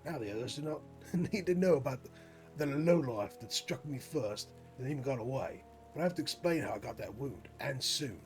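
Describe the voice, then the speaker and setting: A man's voice: medium pitch, big pitch swings, quick pace, faint music behind, close to an everyday voice. A man reading out a scheming, wounded prison guard from a game in a hammy put-on accent. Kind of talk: reading game dialogue aloud.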